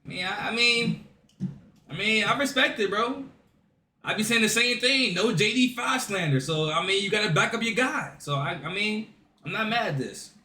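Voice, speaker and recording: A man hosting a reaction video, talking casually, incredulous and excitable, repeating himself as he reacts. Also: high voice, moderate pace, recorded from a distance. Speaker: reaction host. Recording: echoey room, voice off-mic.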